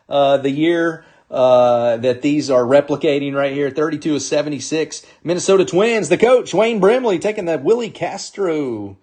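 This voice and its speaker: A man hosts a live sports card break, cheerfully calling out each player and team as packs get opened. His voice sits a little high and has a slightly husky edge. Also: moderate pace, few pauses, darkish tone. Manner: upbeat, calls out names and teams while opening packs.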